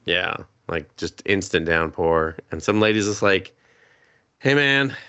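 A woman's voice: rumbling low, fairly even intonation, fairly bright tone. A woman co-hosting a podcast, recapping a movie in casual chat with sarcasm and swearing, acting out the characters' lines. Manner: profane, sarcastic, acts out characters in quick voices. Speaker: podcast co-host.

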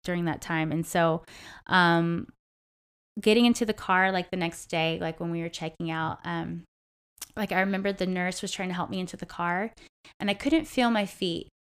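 A woman's voice: fairly low pitch, moderate pace, smooth. A young adult woman telling a personal story in a casual talk with a host, chatty and full of "like". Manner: chatty, heavy use of "like". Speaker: interview guest.

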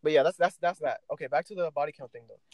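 A young man co-hosting a casual podcast, ranting with loud and soft swings. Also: fairly high pitch, racing, rough recording. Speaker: podcast co-host.

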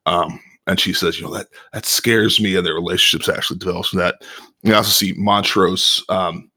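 A man co-hosting a podcast, calmly summarizing and analyzing a TV episode with a measured, explanatory manner. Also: deep voice, slightly rough. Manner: measured, explanatory, with filler ums. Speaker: podcast co-host. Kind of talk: casual analytical TV recap.

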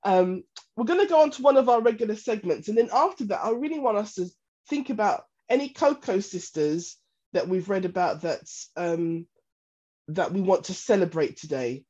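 A woman hosting a casual podcast, bantering and quick to laugh as she moves between segments. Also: medium pitch, animated, mellow, highs cut off. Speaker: podcast host.

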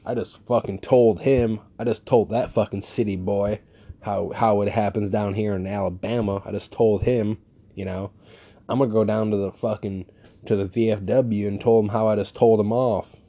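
A man's voice: on the low side, steady tone, moderate pace, warm tone, muffled recording. A man voicing a boastful, crude Southern woman caller who brags and swears. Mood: bragging. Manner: brash, swearing, bragging.

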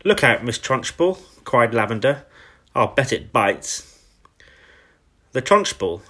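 A man narrates a children's audiobook with expressive, dramatic storytelling. His voice sits low and has a husky, slightly breathy grain.

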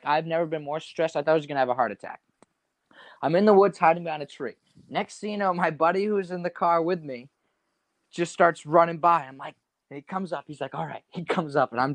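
A young adult man casually telling a wild story, animated and slangy, saying "dude" a lot. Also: fairly high pitch, dry recording.

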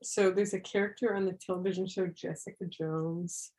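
A woman's voice: fairly low pitch, fairly even intonation, normal speed, darkish tone, low-quality recording. A young woman co-hosting a casual chat, talking in an offhand, easygoing way. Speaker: podcast co-host.

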